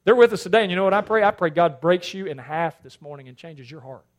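A male pastor preaching a sermon, swinging between loud emphatic lines and hushed asides. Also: on the high side, fast talker.

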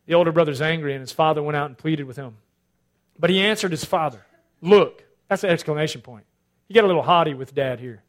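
A male pastor preaching a sermon, swinging between loud emphatic lines and hushed asides. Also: fairly high pitch, fast.

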